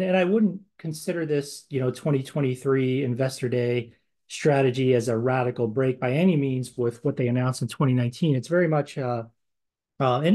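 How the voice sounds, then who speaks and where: A man's voice: medium pitch, warm tone. Rambling, filler-heavy male podcast host. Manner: conversational, rambling with many fillers and restarts. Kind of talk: casual chat.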